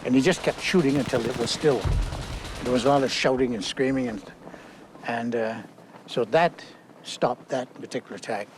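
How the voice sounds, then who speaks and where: An older man, a war veteran, recounting his memories outdoors in a halting way, with many fillers and restarts. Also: medium pitch, music in the background.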